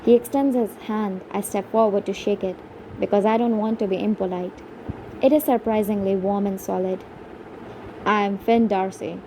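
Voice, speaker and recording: A woman reading a first-person audiobook in a hushed, suspenseful storytelling manner. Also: mid-range voice, fairly even intonation, moderate pace, a little hiss or hum, low-quality recording. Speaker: audiobook narrator.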